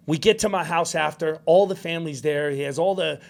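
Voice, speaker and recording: Male host from New York, lively storyteller, voice sits a bit high. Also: a little fast, vocal fry. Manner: animated storyteller, acts out quotes. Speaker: podcast host. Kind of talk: casual storytelling chat.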